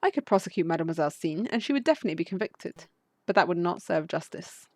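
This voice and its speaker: A woman's voice: fairly low pitch, lively intonation, fast, a little mellow, no echo. Male wolf prosecutor read by a woman, earnest, reflective, dry sound.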